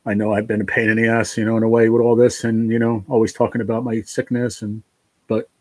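A man hosting a livestream, crying and thanking his viewers in a heartfelt, halting way. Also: lowish voice, little pitch movement, dry recording. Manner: tearful, heartfelt, halting with restarts. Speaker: livestream host reading chat. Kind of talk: emotional livestream chat.

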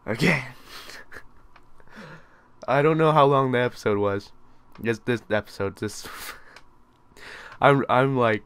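A young man giving let's play commentary on a horror game, yelling, swearing and panicking in fright. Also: mid-range voice. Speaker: gamer.

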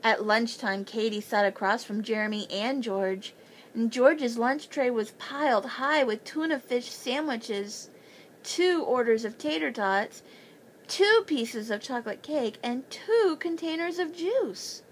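A woman's voice: fairly high pitch, expressive, a little slow, a little hiss or hum, poor audio. A woman reading a children's chapter book aloud as a bedtime story, lifting her voice for the children's lines.

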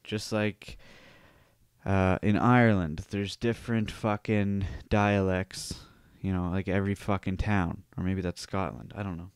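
A podcast host from Cape Breton in Canada, chatting in a rambling, wry and profane way. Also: male voice, deep voice, fairly even intonation, unhurried, clear, resonant tone, dry recording, clean studio sound. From Cape Breton Island, Canada. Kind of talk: casual podcast chat.

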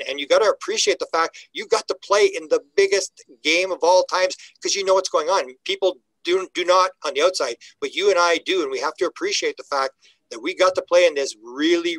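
A man's voice: a little high, a bit bright, no echo, low-quality recording. Folksy older man, dry and close. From Canada. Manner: folksy, emphatic, repeats words when starting sentences. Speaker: guest, UFO researcher. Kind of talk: casual interview talk.

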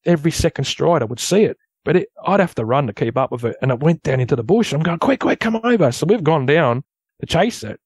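A man's voice: on the high side, fast talker, breathy edge, no echo. Rambling Australian man telling a story. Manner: rambling, loose storyteller who grows animated at tense moments. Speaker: guest recounting an encounter. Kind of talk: casual storytelling.

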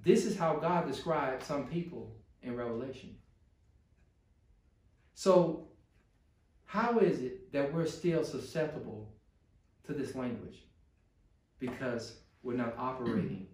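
A man's voice: medium pitch, measured pace, long pauses, a little mellow, recorded from a distance. A man preaching a sermon as pastor to his congregation, building to pleading intensity. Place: church sanctuary. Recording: echoey church room.

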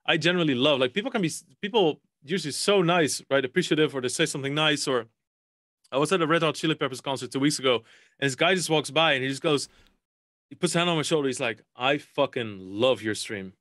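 A man on a podcast telling a wild anecdote with a fairly high voice. He rattles along at a fast clip, swearing freely and acting out the people in his story. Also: a bit bright, no echo, studio quality. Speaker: podcast guest. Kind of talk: casual podcast chat.

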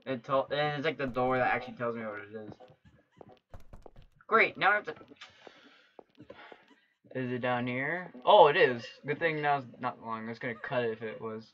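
A man giving gameplay commentary as a let's play host, who gets jumpy and shouts when startled. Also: medium pitch, expressive, moderate pace, long pauses, highs cut off.

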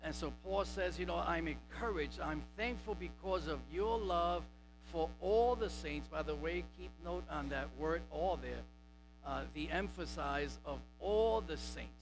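A man's voice: a little high, a little slow, music in the background, rough recording. A male pastor preaching a sermon emphatically, repeating and stressing key words. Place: church sanctuary.

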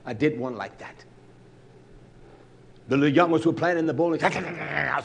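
Male preacher, fairly high-pitched, fiery and blunt, swings between shouting and muttering. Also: animated, normal speed, creaky, pauses often, husky. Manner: blunt, salty language. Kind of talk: sermon.

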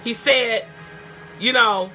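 A woman pastor preaching a fervent sermon, calling out hallelujah and rising to shouts. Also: a little high, slow, soft background music.

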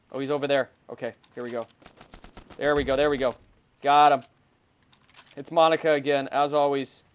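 Young male gamer with a high voice; frustrated live commentary with loud outbursts. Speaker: gaming channel host.

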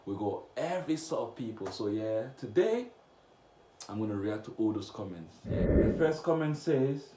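A young man from Cameroon, chatting casually as he reacts to comments on his vlog, blunt and slangy with sudden loud outbursts. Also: lowish voice, lively intonation, normal speed. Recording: echoey room with faint noise.

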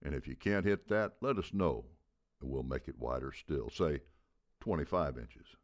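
A man with a very deep voice playing a gruff, blunt baseball coach in his seventies who barks out rhetorical questions. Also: animated, moderate pace. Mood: lecturing. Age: 70s. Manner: barking, booming rhetorical questions.

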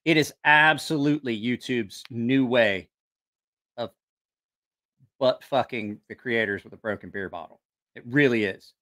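A man's voice: medium pitch, a little slow, pauses often, sharp tone. A man hosting a casual live stream who rambles, swears freely and loses his train of thought. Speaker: knife channel livestream host. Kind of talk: casual livestream chat.

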